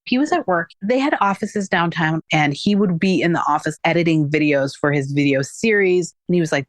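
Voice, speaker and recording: A woman with a low voice tells a personal story as a guest, speaking at a moderate pace with almost no pauses. She's candid and conversational, leaning on "like" a lot and acting out what people said. The recording is dry.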